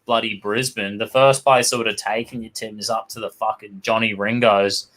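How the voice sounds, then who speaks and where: A man's voice: fairly low pitch, little pitch movement, moderate pace, a bit bright. An Australian man chatting as co-host, swearing constantly and telling rowdy pub anecdotes. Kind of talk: casual chat.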